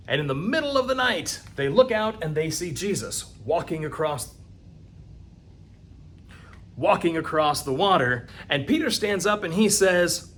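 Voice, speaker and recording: A man serving as a parish youth minister, teaching confirmation in a conversational, animated storytelling manner. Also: on the high side. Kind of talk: confirmation catechesis video.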